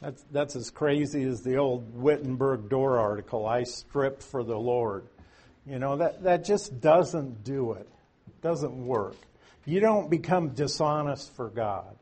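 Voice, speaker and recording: A man's voice: medium pitch, lively intonation, measured pace, a little mellow, breathy edge. A man teaching through Bible verses in a conversational way, with folksy asides and strong emphasis on key words.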